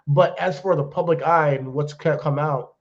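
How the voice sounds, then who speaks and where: A man's voice: on the high side, moderate pace, muffled recording. A man co-hosting a podcast in casual chat, ranting bluntly and swearing freely. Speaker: podcast co-host.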